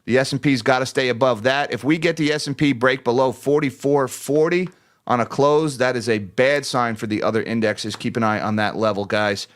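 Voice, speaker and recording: A man's voice: medium pitch, fairly quick. A man hosts a casual finance livestream, joking and laughing easily as he reads out market closes. He talks to viewers directly, thanking them by name in a loose, chatty way.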